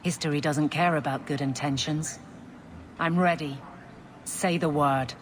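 A woman's voice: low voice, fairly even intonation, a little slow, slight background noise. An actress playing a stern, steadfast woman guard captain in a game, speaking bluntly. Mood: grim. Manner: blunt, no-nonsense.

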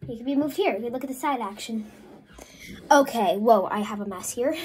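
With a fairly high, somewhat mellow and expressive voice at a moderate pace, a woman vlogs a messy crafting session from her home work table. She's flustered and apologetic as things go wrong, and a little hiss or hum can be heard.

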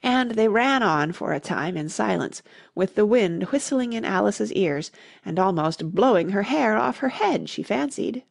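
A woman narrating an audiobook in an expressive storytelling manner. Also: mid-range voice, unhurried, creaky, no room sound, clean studio sound. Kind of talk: scripted narration.

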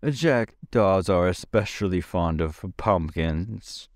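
A man voicing a blunt wooden sawhorse with a slow growl. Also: low voice, no echo, studio quality. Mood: gruff.

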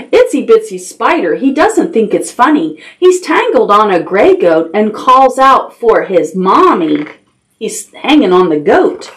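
A woman's voice: medium pitch, very animated, a little slow. A woman reading a picture book aloud to toddlers as a children's librarian, sing-song and playful, adding animal noises and sound effects.

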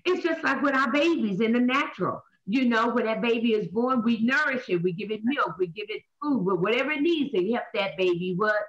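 Woman minister hosting Bible talk, lively and high-pitched, repeats her points, muffled recording. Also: brisk, few pauses. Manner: preachy, repeats points, asks and answers own questions. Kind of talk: animated Bible study teaching. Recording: dull lo-fi sound.

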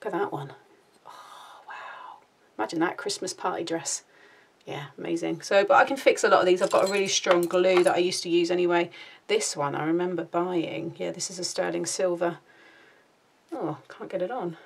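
A woman from the UK, a craft vlogger, chatting casually and gushingly while showing off her collection, often murmuring softly, a little out of breath. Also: lowish voice, steady tone, brisk, gravelly, slight background noise. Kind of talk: casual show-and-tell chat. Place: home, sitting down.

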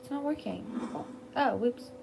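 A woman's voice: fairly high pitch, measured pace, creaky, darkish tone, slight background noise. A young woman chatting casually while playing a game, giggly and blurting out reactions. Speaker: gaming YouTuber. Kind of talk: casual let's-play chat.

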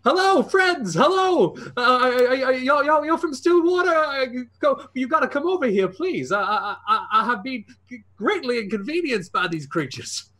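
A flustered older salesman, his voice pitched well up and bright. He stammers and trips over his words, repeating himself. He chats along in a folksy way. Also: sing-song, moderate pace, full character voice. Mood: pleading. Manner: folksy and chatty. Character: pot-bellied older male salesman prisoner, flustered, folksy.

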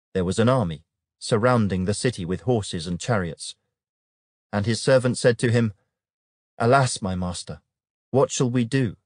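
A man reading scripture aloud in a measured, solemn narration. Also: fairly low pitch, a little mellow, dry recording, studio quality. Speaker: Bible reader.

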